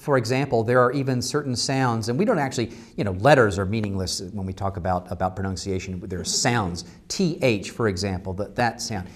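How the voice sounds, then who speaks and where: A man, a university language instructor, giving thoughtful interview answers with many fillers and restarts. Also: fairly low pitch. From United States.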